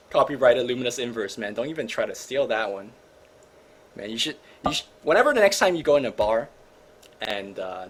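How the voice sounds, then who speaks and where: A man hosting a gaming show, commentating replays in an energetic, joking, slangy way. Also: mid-range voice. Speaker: host and caster.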